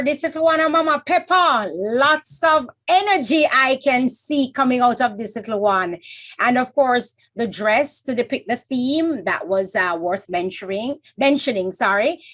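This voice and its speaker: A woman's voice: high voice, unhurried, fairly bright tone. A woman judging a live poetry competition, giving chatty, encouraging feedback with small slips. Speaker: competition judge. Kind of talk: live judge's critique.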